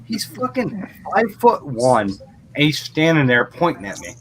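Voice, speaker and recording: Middle-aged guy, kinda high voice, cusses a lot telling a mowing story, faint noise behind. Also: huge pitch swings, moderate pace. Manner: blunt, profane storytelling. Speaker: lawn mowing business owner. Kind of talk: casual podcast chat.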